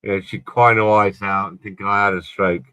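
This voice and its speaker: A man's voice: lowish voice, fairly even intonation, a little fast, sharp tone, clean tone, no room sound. A middle-aged man on a late-night chat stream, telling rambling personal stories and swearing casually. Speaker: podcast panelist.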